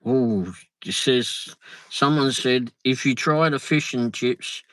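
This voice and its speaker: A man's voice: medium pitch, slow pace, a bit bright, no room sound, poor audio. A man chatting casually on a live stream, reading out viewer comments with muttered asides. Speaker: livestream host. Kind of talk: casual live chat while travelling. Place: in a vehicle on the road.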